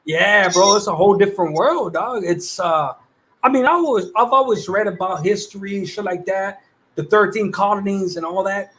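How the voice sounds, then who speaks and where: Young male streamer, high-pitched, easygoing slangy delivery, quick to laugh. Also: a bit bright. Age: 20s. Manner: laid-back slangy talk, laughs often. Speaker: livestream host. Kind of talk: casual livestream chat.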